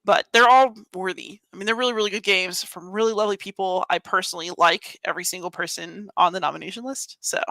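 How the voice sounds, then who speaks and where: Guest: woman, teacher and game designer, quick eager chatter, bright tone, dry close sound. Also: on the low side, steady tone, dry recording, low-quality recording. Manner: quick, enthusiastic talker. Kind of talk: casual chat.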